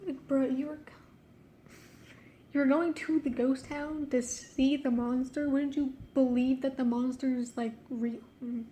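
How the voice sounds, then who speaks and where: A woman's voice: high voice, fairly even intonation, unhurried, mellow, a little hiss or hum. A woman reading aloud a story she wrote as a child, breaking off to laugh and mock it. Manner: giggly, self-mocking, breaks off to laugh. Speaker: reader of her own childhood story. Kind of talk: casual reading with joking commentary.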